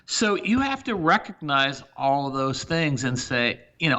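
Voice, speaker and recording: A man's voice: mid-range voice, big pitch swings, a little slow, few pauses, pushed and bright, muffled recording. A middle-aged man, a company CEO, talking emphatically through examples as a guest on a business podcast interview.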